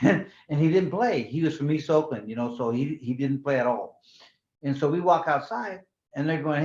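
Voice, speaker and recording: A sixty-year-old man from California tells stories as a guest, chatty and rambling, doubling back on his words. His voice sits a bit high for a man. The recording is echoey and dull, like a lo-fi room capture. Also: expressive, moderate pace. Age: 60s. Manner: rambling, repeats words, drops into Spanish slang. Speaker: guest, former boxing champion. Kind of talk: casual storytelling interview.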